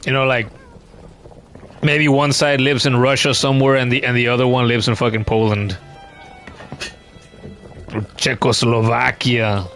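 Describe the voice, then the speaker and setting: A man's voice: medium pitch, flat delivery, unhurried, long pauses, fairly bright tone, soft background music. A man streaming a video game, chatting casually with frequent stammers and restarts. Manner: rambling, stammering restarts, swears. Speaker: gameplay streamer. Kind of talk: casual let's-play commentary.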